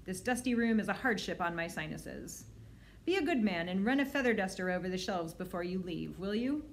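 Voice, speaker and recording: A woman's voice: mid-range voice, lively intonation, a little fast, lightly acted. Woman putting on a fussy, pompous orphanage director.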